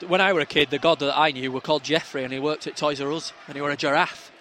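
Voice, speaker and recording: A man's voice: a little high, steady tone, fast talker, bright, forceful tone, a little hiss or hum. Wry man hosting a podcast. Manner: wry, joking, matter-of-fact. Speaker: podcast host. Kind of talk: casual football podcast banter.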